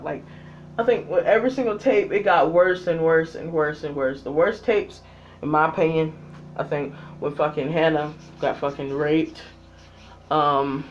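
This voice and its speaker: The speaker rants in a heated, foul-mouthed way, scolding people who aren't there, with a mid-pitched voice. Loud bursts give way to low grumbles. A faint electrical hum sits under the voice throughout. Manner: heated and exasperated, heavy swearing, talks straight at the absent characters; swings between loud outbursts and low muttered asides. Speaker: vlogger reviewing a TV series. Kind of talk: profane angry rant.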